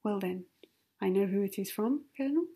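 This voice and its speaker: A woman's voice: medium pitch, expressive, brisk, warm tone, breathy edge. A woman voicing a nosy, meddling older lady in a whispered role-play with a prying, insistent manner.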